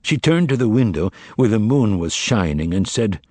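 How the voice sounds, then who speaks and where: A man reading an audiobook in steady scripted narration. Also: lowish voice, normal speed, no room sound.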